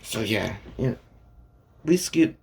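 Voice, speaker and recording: A man's voice: lowish voice, very animated, slow, gravelly, slight background noise. A man casually retelling a fan story, rambling and filling gaps with "and yeah" and "pretty much".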